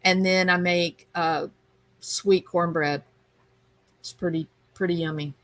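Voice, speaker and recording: Woman chatting on her stream, unhurried, reading comments out loud. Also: on the low side, fairly even intonation, poor audio. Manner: chatty, reads viewer comments aloud. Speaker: livestream host reading chat. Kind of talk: casual chat.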